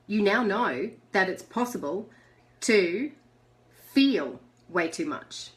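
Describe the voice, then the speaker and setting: A woman's voice: medium pitch, a bit bright. A middle-aged woman hosting a live video chat. She talks chattily, reads out viewer messages, and laughs often. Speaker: host.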